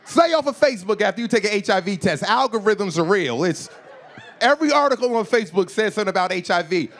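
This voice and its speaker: A man in his forties works a comedy club stage with a lively, swooping delivery that sits a little high for a man. He is profane and animated, acts out characters and shouts his punchlines. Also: fast talker, a faint crowd, a little hiss or hum. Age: 40s. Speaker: stand-up comedian. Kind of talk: stand-up comedy set.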